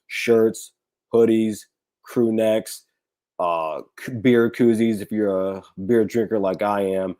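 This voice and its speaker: A man with a raspy, hoarse voice hosts a casual sports talk livestream, rambling with many fillers and restarts. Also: lowish voice, warm tone. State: hoarse, recovering from illness. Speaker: podcast host.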